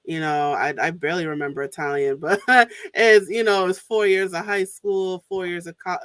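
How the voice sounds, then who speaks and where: A woman's voice: on the low side, fairly even intonation, normal speed, no echo. A woman hosting a podcast interview, chatting casually with frequent laughs and restarts. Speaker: podcast host.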